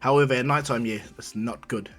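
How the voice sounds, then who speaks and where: A man's voice: mid-range voice, a little fast, fairly bright tone. Man rambling through a fan story. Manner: rambling, full of fillers and restarts, acting out lines. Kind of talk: casual retelling of a fan story.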